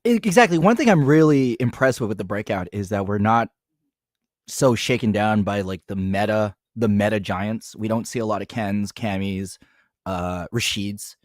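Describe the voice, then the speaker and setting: A man's voice: lowish voice, normal speed, no room sound, studio quality. A man co-commentating a fighting game tournament in a wry, joking way. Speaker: esports commentator.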